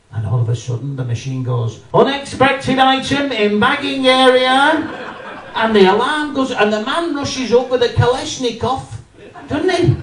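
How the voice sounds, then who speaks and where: A man doing an animated stand-up routine, talking straight to a live audience. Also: high-pitched. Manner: animated, addresses the audience, acts out voices. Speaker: stand-up comedian. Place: live comedy venue with audience. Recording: roomy live venue, mic from a distance.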